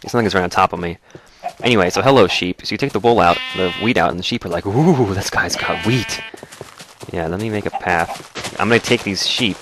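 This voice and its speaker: Brief: man, dry throat, deep voice, relaxed rambling let's-play host. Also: fast talker, noisy background. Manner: rambling, relaxed, narrates as he plays. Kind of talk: casual gaming commentary.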